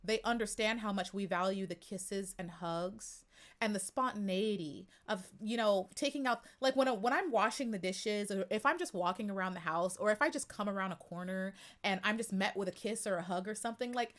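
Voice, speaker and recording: A woman hosts a casual podcast livestream in a middle-pitched voice. She talks in a chatty, emphatic way and speaks directly to viewers in the chat. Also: a little fast, a bit bright.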